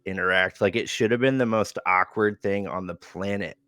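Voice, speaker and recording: A man casually recapping a wrestling show on a podcast, relaxed, with frequent chuckles and filler words. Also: deep voice, moderate pace, dry recording, clean studio sound.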